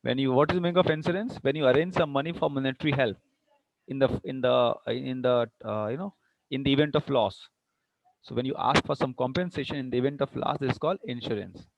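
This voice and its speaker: A man's voice: mid-range voice, fast, creaky, low-quality recording. A man with an Indian English accent teaching English vocabulary, switching between English and Hindi and checking understanding with questions. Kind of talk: online lecture, mixing English and Hindi.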